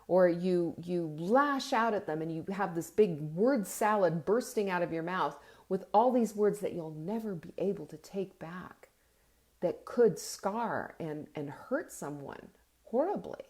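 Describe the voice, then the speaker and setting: A woman's voice: on the low side, a little mellow. A woman hosting a casual inspirational talk on a live video stream, earnest and conversational, speaking directly to her listeners. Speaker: host.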